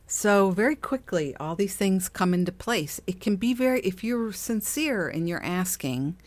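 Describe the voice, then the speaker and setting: A woman's voice: medium pitch, expressive, measured pace, no echo. A middle-aged woman hosting a podcast, talking casually about spiritual self-help, chatty and laughing often, acting out voices she quotes. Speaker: podcast host.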